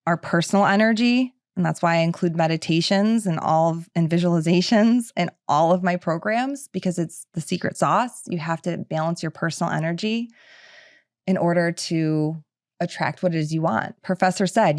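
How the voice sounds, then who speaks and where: A woman's voice: fairly low pitch, normal speed, no room sound, clean studio sound. A middle-aged woman hosting a podcast, talking in a chatty, casual way with lots of filler words. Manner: chatty, filler-heavy with frequent "like". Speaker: podcast host.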